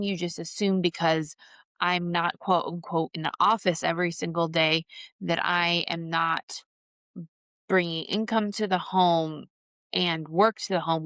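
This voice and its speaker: A woman's voice: on the low side, a bit bright, clear, resonant tone, dry recording. A middle-aged woman hosting a podcast, telling a personal story candidly and with feeling. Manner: candid, emotional, reenacts her own outbursts. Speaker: podcast host.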